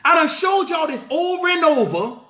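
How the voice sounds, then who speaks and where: A man's voice: very high-pitched, sing-song, moderate pace, sharp tone, pitched above the performer's own voice, full character voice. A man voicing Christ scolding his disciples in a sermon, exasperated and firing off rhetorical questions. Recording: roomy echo.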